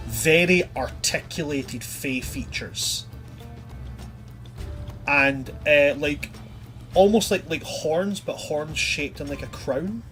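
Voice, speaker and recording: A man's voice: mid-range voice, fairly bright tone. A man narrating a tabletop game as game master, chatty and loose. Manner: chatty, loose, many fillers.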